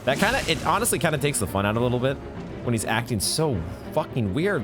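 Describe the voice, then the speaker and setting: A man's voice: mid-range voice, sing-song, quick pace. A man giving live commentary on a video game he is playing, exasperated, swearing and restarting his sentences, with game music behind him. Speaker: gaming streamer.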